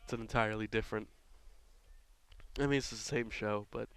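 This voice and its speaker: A man's voice: fairly low pitch, steady tone, a little fast, a bit bright, clean tone. A man doing casual, rambling play-by-play for a local baseball game, drifting into offhand jokey asides.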